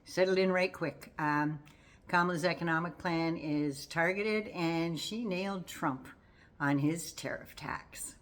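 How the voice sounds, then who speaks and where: An older woman with a low voice talks casually about politics. She is folksy and sassy, and she teases as she goes. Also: measured pace. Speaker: political commentary vlogger.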